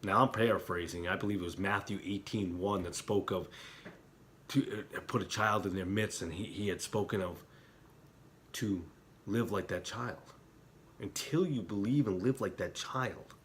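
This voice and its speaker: A middle-aged man talking as an internet preacher, heated and emotional in places, quiet and somber in others. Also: fairly low pitch, moderate pace, a little hiss or hum. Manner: heated, talks with rising emotion and repeated apologies; quiet and somber when reflecting. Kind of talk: impassioned religious commentary.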